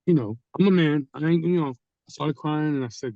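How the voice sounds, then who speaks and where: A man's voice: fairly high pitch, a little fast, gravelly, no echo, highs cut off. A man telling a personal story in casual talk, acting out the people he quotes. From Haitian community. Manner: animated, acts out quoted people. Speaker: guest storyteller. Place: studio.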